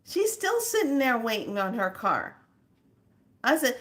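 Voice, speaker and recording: Her voice is on the high side with huge pitch swings, and she takes it slowly. She's a spiritual vlogger hosting her own show, talking casually through exasperated stories and laughing frequently.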